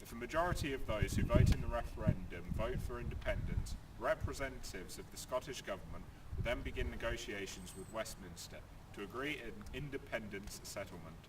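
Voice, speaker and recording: A man's voice: mid-range voice, expressive, fairly quick, lightly acted. A man reading as a stiff party leader, from far off. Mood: earnest. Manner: stiff read-aloud delivery. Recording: distant mic with background noise.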